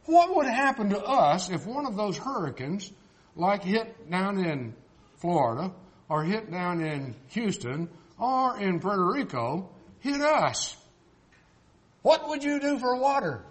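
An older man preaching a folksy sermon, joking and swinging between loud and soft. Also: high-pitched, very animated, unhurried.

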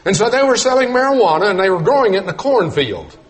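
A middle-aged man preaching a sermon, telling folksy stories and swinging between loud emphatic points and quiet low asides. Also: very animated, fast. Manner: storytelling with folksy humor.

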